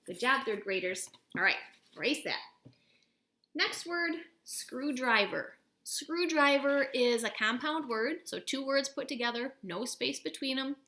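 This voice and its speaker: A woman with a bright, clear voice, teaching a recorded spelling lesson from home. She speaks patiently and encouragingly, sounding words out part by part. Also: high-pitched, lively intonation, a little slow.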